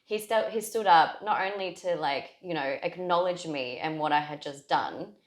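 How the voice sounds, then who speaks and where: A woman with a notably low voice shares a deeply personal story as a podcast guest, circling back and restarting her sentences with lots of "like"s. Her voice carries a roomy echo from the space around her. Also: normal speed. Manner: heartfelt, rambling with many "like"s and restarts.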